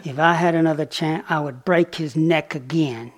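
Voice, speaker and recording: A man's voice: on the high side, moderate pace, close to an everyday voice. A man voicing a bitter, defiant prisoner.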